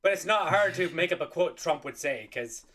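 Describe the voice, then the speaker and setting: A man's voice: on the high side, lively intonation, normal speed, sharp tone. A man co-hosting a podcast in casual chat, rambling loosely. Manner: loose, rambling, lots of fillers. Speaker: podcast co-host.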